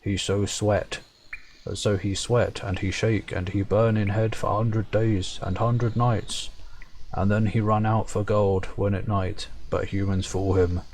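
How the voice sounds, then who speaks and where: A man voicing a male Fomorian creature who speaks slowly in broken grammar. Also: lowish voice, level tone, darkish tone, a little hiss or hum. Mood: grim.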